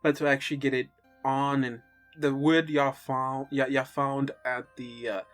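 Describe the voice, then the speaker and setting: A man acting as game master, narrating a tabletop game in a relaxed, halting way with many fillers. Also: medium pitch, faint music behind.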